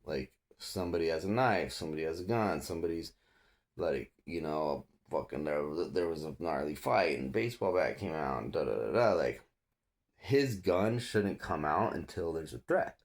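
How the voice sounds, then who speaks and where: Deep gravelly man telling a wild story. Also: normal speed. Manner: profane, animated, acts out others' lines. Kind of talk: casual storytelling.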